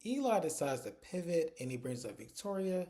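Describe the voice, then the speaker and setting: Mellow-voiced man recapping a TV episode. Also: fairly high pitch, sing-song, normal speed. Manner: chatty storytelling, strings events with "and so" and "like". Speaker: TV episode reviewer.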